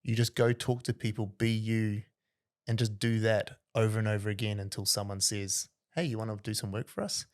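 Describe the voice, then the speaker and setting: A podcast host tells casual stories with lots of energy, saying "like" constantly. His voice is fairly low and his pace brisk.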